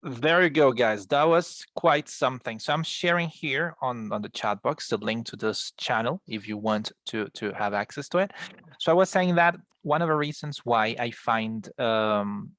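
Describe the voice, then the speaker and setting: A man's voice: mid-range voice, moderate pace, a bit bright, no room sound. Man, Colombian Spanish accent, English teacher, online class over a video call, explanatory, restarts often, dry close sound. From Colombia, from Bogota. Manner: explanatory, addresses students as guys, frequent restarts.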